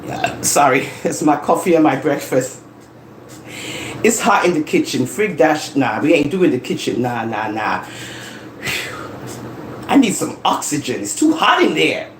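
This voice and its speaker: Live-streamer, animated home chat on a phone, roomy echo. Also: medium pitch, measured pace, pauses often, slight background noise. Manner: animated, laughing, teasing rants and storytelling. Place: home living room. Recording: echoey room with faint ambience.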